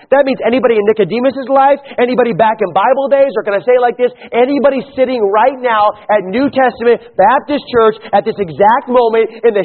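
A male pastor preaching a sermon, emphatic, swinging from quiet low stretches to raised, pleading calls. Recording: tinny phone-like sound.

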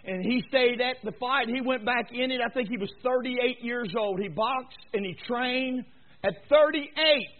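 Preacher on a tinny line. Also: male voice, unhurried. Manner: swings from low murmurs to high shouting exhortation. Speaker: pastor. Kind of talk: sermon. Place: church. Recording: tinny phone-like sound.

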